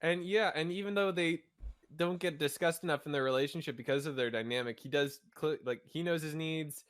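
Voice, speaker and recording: A young man co-hosts a podcast, speaking earnestly and analytically in casual conversation and often restarting his sentences. His voice is on the high side and fairly quick, with no echo.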